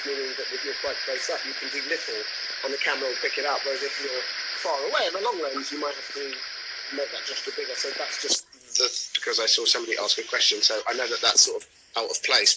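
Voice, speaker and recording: A man's voice: medium pitch, fast, very noisy. A man, an actor, chatting casually on a live video stream, rambling and often restarting his sentences. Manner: chatty, rambling, self-interrupting. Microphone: video call.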